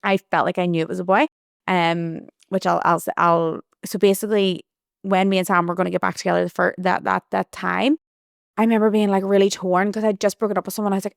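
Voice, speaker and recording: A woman's voice: mid-range voice, level tone, quick pace, vocal fry, clean tone, dry recording, clean studio sound. A young woman hosting a podcast, telling a personal story in a chatty, rambling way full of restarts. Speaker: podcast host. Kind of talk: casual storytelling monologue.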